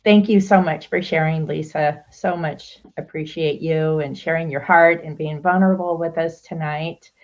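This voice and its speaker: A woman hosting a show over a video call, speaking in an affirming, sensitive, gently emotional way. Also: low voice, fairly even intonation, normal speed, few pauses, lo-fi sound. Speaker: host. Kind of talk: casual heartfelt talk-show chat.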